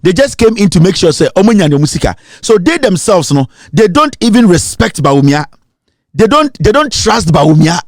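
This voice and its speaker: Ghanaian male commentator, pitched a bit high, dry close sound, accusatory rant. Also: big pitch swings, fairly quick, dry recording. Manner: emphatic, accusatory, mixes English with Twi. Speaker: political commentator. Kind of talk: fiery political rant.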